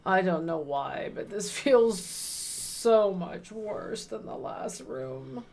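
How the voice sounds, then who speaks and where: A woman's voice: medium pitch, animated, slow pace, creaky, darkish tone. A woman streamer chatting casually as she plays a horror visual novel, reacting aloud and musing on the story. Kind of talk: casual let's-play chat.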